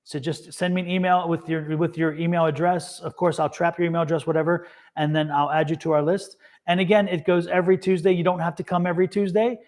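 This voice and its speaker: Man, tarot reader, casual chatter, slightly high voice, repeats words, laughs a lot. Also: level tone, fast talker, darkish tone. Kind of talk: casual livestream chat.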